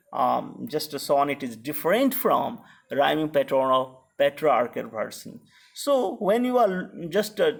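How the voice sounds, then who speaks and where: Slow, gravelly Indian-accented male lecturer. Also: on the high side. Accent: Indian English. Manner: hesitant, many fillers and restarts. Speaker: literature lecturer. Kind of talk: academic lecture on poetry.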